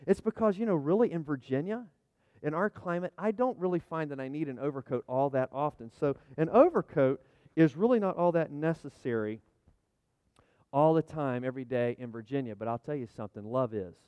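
A man's voice: fairly high pitch, lively intonation, fairly quick, dry recording, highs cut off. A middle-aged man preaching a chatty, folksy sermon, full of restarts and asides, joking with the congregation and calling for amens. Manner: jokes with the congregation, calls for amens. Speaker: pastor. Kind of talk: conversational sermon with props.

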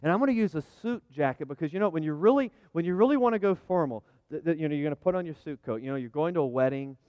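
Middle-aged male pastor, folksy sermon with asides, smooth tone, dry close sound. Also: fairly high pitch, animated, very fast, no echo, muffled recording. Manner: chatty, folksy, full of restarts and asides; jokes with the congregation, calls for amens. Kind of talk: conversational sermon with props.

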